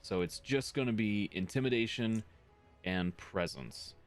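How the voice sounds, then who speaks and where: A man running a tabletop game as game master, talking casually in halting phrases with restarts and quick laughs. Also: lowish voice, soft background music.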